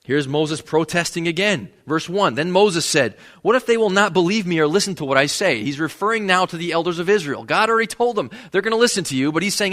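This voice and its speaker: Male pastor, slightly high voice, casual sermon delivery, reads scripture aloud and voices the characters. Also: animated, fast, few pauses, a bit bright. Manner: conversational, acts out the characters' lines in the passage. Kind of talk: sermon reading and explaining scripture.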